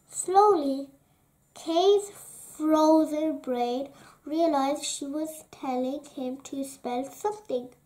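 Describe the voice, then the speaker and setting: Woman narrating a children's book aloud, high voice, very slow and expressive. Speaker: storyteller.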